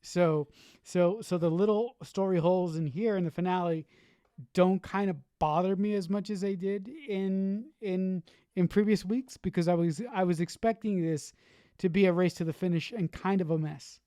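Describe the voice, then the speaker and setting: A woman co-hosting a podcast, talking things through in a measured way and often repeating words as she thinks. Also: lowish voice, steady tone, mellow, dry recording, clean studio sound. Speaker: podcast co-host. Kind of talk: casual chat.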